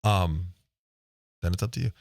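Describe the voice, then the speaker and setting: A man's voice: deep voice, normal speed, creaky, darkish tone, no echo, studio quality. A man hosting a podcast in casual chat, talking loosely with a lot of "right?" checks and the odd swear word. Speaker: podcast host. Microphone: studio microphone, close.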